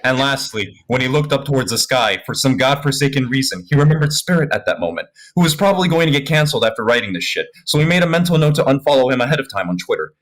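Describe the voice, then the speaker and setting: A man narrating a comedic fan fiction read-aloud on a voice call, with deadpan asides and crude jokes. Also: mid-range voice, fast talker, hardly any pauses.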